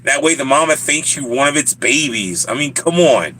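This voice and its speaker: A man's voice: a little high, expressive, moderate pace, hardly any pauses, pushed and bright. A man with a Southern US accent chatting casually on a live stream, joking and laughing often as he rambles to his viewers.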